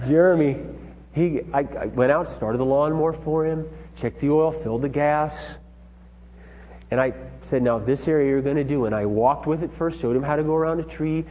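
A man's voice: a little high, a little mellow. Earnest father telling stories, echoey hall. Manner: earnest, emphatic, folksy storytelling. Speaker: father giving parenting talk. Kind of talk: personal storytelling talk. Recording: dull lo-fi sound with hall reverb and faint hum.

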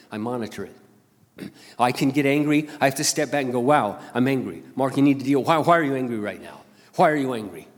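Older male pastor, lively preaching in a hall. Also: on the high side. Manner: swings between loud emphatic bursts and quiet intimate asides. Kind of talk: sermon. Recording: long hall reverb.

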